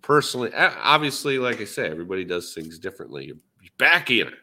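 A man's voice: fairly low pitch, sing-song, quick pace, noisy background. A man with a Minnesotan accent, rambling easily in a casual podcast chat with lots of fillers. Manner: rambling, easygoing, many fillers. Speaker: podcast co-host, dent repair tech.

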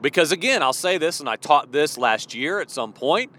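A man preaching in an animated, emphatic way, his voice rising and falling widely as he drives each point home. He speaks with a slightly higher pitch than most men, repeats his key phrases for weight, and slips into casual fillers between them. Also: normal speed. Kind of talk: informal devotional sermon.

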